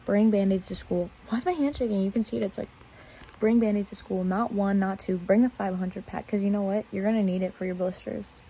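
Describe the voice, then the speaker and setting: A woman's voice: medium pitch, fairly even intonation, brisk, mellow, slight background noise, rough recording. A young woman chatting casually into her phone camera in bed at night, rambling and laughing at herself. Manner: rambling, self-mocking, giggly. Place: bedroom at night.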